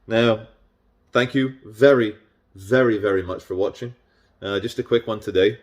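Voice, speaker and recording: A man's voice: fairly low pitch, fairly even intonation, normal speed. A man delivering a rambling, sarcastic and irreverent casual monologue as a vlogger.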